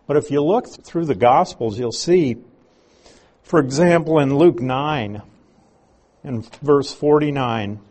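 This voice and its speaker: Slow, husky-voiced male Bible teacher. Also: mid-range voice, a little mellow. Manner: reads scripture aloud and explains Greek words.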